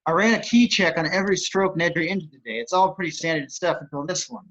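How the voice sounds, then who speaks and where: Brief: man reading as brisk engineer, fast, somewhat high voice, muffled lo-fi sound, amateur table read. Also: fairly bright tone. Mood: explaining. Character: male engineer at a control room computer, brisk. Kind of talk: table read over video call.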